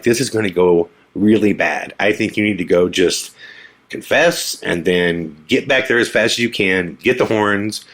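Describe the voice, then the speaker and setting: A male podcast host telling a personal story in a casual, animated way, acting out the dialogue of the people in it. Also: on the low side. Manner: animated, acts out quoted dialogue.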